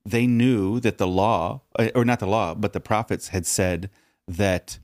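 A man's voice: lowish voice, fairly even intonation, measured pace, a little mellow, no echo, clean studio sound. A man casually explaining a Bible passage to his co-host. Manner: explanatory, with short agreeing backchannels. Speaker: podcast co-host.

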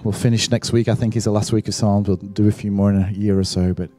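A man's voice: on the low side, fairly even intonation, quick pace, warm tone. A man leading a church service as pastor, encouraging the congregation. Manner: encouraging, exhorting. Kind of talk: sermon.

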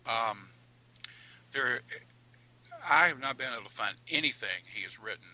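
Forceful male storyteller, animated. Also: mid-range voice, normal speed, poor audio. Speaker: author and guest. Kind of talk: telling a ghost story.

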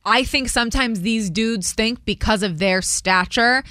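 A woman's voice: fairly high pitch, unhurried, pushed and bright, no room sound, clean studio sound. A woman hosting a morning radio show, bubbly and playful, rambling through chat. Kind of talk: prank phone call and casual radio chat.

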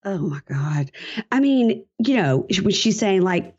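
Female guest, lowish pitch, dull lo-fi line, animated storyteller doing quote voices. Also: unhurried, breathy edge. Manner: animated retelling, acts out quotes in higher voices, laughs often. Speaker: podcast guest. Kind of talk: casual recap chat.

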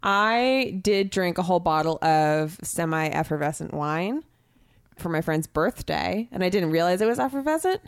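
A woman's voice: lowish voice, lively intonation, moderate pace, smooth, no room sound, clean studio sound. A woman co-hosting a podcast in casual chat, playful and teasing. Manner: playful, teasing, drawls "y'all". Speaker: podcast co-host.

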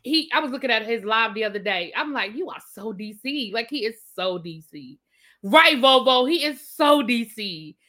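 A woman with a Washington DC accent, chatting casually on a livestream and answering her viewers' comments with drawn-out asides. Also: a little high, lively intonation, bright, forceful tone. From Washington DC area. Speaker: livestream host.

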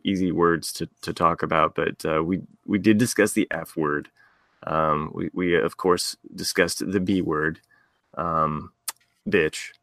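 A man co-hosting a casual podcast, talking haltingly with many restarts. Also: low voice, vocal fry, a bit bright, dry recording, studio quality. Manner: hesitant, filler-heavy, amused. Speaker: podcast co-host. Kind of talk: casual chat.

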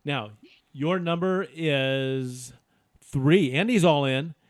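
A man's voice: fairly high pitch, slow. A man hosting a casual word game with friends, reading out clues in a teasing, upbeat way. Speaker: game host.

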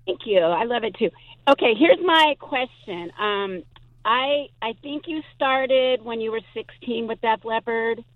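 A woman's voice: on the high side, measured pace, no echo. A woman calling in to a radio show, eager and gushing as she rambles through her question. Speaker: caller. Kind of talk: call-in radio chat. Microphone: phone. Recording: tinny phone line.

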